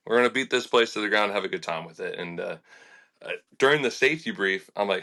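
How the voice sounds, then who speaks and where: A young adult man, a fishing charter captain telling animated stories in a casual podcast interview, laughing and acting out quotes. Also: deep voice, fast talker, creaky. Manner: animated and laughing, with lots of fillers and acted-out quotes.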